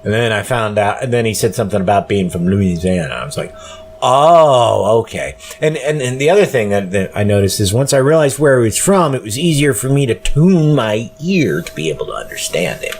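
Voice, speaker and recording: A tired man hosting a solo podcast, talking slowly and rambling with many pauses and fillers. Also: on the low side, big pitch swings, a little mellow, a little hiss or hum. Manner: rambling, slow, full of fillers. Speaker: podcast host. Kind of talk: casual solo podcast monologue.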